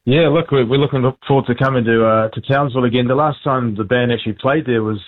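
A man's voice: mid-range voice, fast. A man with a New Zealand accent, a band frontman chatting casually and laughing easily as a phone guest. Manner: laid-back, laughs easily. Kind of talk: casual interview chat. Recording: tinny phone line.

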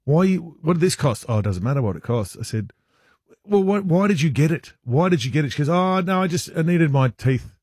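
Fast-talking, husky radio co-host. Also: male voice, fairly high pitch, animated, a little mellow, dry recording, clean studio sound. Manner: rambling, self-mocking storyteller. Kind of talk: casual radio banter. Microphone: studio microphone.

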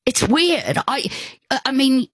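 An older woman, telling a personal story in casual conversation, rambling warmly with restarts and asides. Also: high-pitched, sing-song, takes it slowly, no echo.

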